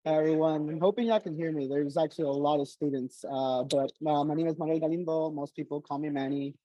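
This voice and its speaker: A man's voice: on the high side, fairly even intonation, fast talker, mellow, no room sound, rough recording. A man organizer from Los Angeles calling in casually to a panel from a busy resource fair. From South Central Los Angeles. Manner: easygoing, casual. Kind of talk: panel discussion on a call.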